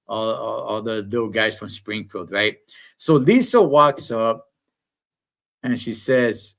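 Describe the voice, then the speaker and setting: A man's voice: on the low side, takes it slowly, creaky, a bit bright. A man, rambling through a profane, slangy story in a casual livestream rant. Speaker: streamer.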